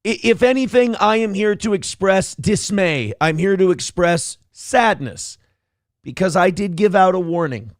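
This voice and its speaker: A man's voice: sits high, animated, measured pace, no room sound. A man hosting a livestream, giving a sarcastic, boastful, mock-solemn monologue into a close studio mic. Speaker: radio host streaming.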